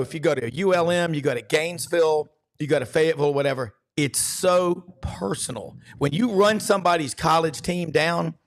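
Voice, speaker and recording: A sports talk host who spins folksy, rambling stories in an easy conversational way. His voice sits a bit higher than most men's. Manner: folksy storyteller, rambling anecdotes.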